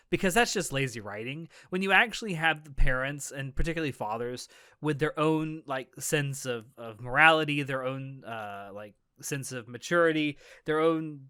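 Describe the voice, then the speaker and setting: Bright-voiced man in casual podcast chat. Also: on the high side, clean tone, dry recording, studio quality. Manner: enthusiastic, rambling with restarts. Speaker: podcast co-host. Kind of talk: casual anime discussion chat.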